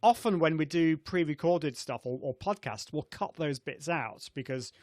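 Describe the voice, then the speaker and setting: A man's voice: fairly high pitch, lively intonation, moderate pace, no room sound, studio quality. A middle-aged man hosting a live video show, chatty, with lots of fillers and restarts. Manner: chatty, many fillers and restarts, laughs often. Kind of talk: casual live-stream chat. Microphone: video call setup.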